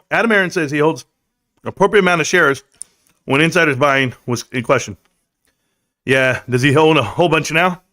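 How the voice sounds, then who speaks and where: A man hosting a casual livestream, talking loosely in slang and reading out chat comments. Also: fairly high pitch. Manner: loose, slangy, animated, reads chat aloud. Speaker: livestream host.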